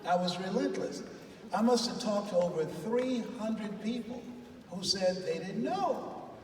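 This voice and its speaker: A motivational speaker with a high-pitched, unhurried voice addresses a live audience in a large hall, telling stories animatedly and leading the crowd in call-and-response phrases. The recording is echoey, taken from far off, with faint noise.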